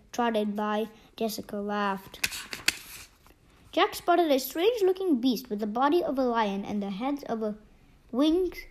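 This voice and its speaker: Give me a woman reading a children's storybook aloud in a steady, fairly high voice. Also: poor audio.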